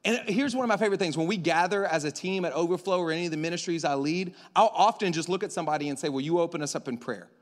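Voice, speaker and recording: A man preaching a sermon as pastor, conversational and animated, joking and acting out voices. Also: on the high side, rapid-fire, hardly any pauses. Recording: long hall reverb.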